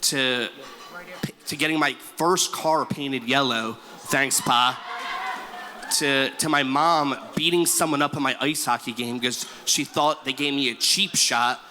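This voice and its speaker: A man's voice: medium pitch, steady tone, measured pace, bright, forceful tone. A man in his twenties giving an exuberant, stumbling wedding thank-you speech as the groom in a reception hall. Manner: exuberant, stumbling, calls out to the room. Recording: echoey hall with faint ambience.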